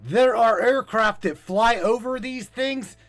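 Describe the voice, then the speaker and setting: A man's voice: extremely high pitch, slow pace, a bit bright, soft background music. A male podcast host ranting with urgency, pleading and swearing, repeating himself as he goes. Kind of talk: impassioned livestream rant.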